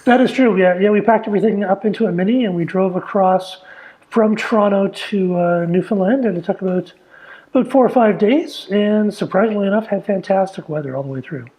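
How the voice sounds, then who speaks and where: A man hosting a radio show, chatting in a relaxed, halting way with lots of fillers. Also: high voice, low-quality recording. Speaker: podcast host. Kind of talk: casual chat. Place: home studio, newly moved.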